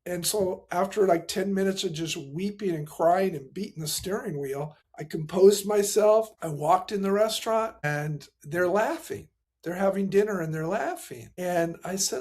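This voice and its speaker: A middle-aged man, a pastor and grief specialist, telling a painful personal story as a guest, acting out the dialogue and dropping to a soft voice at the hardest moments. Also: high voice, a little slow. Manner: earnest, acts out quoted dialogue, voice drops soft at painful moments.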